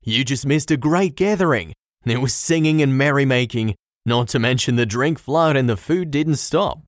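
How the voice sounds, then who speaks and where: A man's voice: medium pitch, moderate pace, dry recording, studio quality, natural voice. A man voicing a hearty, worldly male distiller who tells old legends and gives warnings to a friend. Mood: jovial.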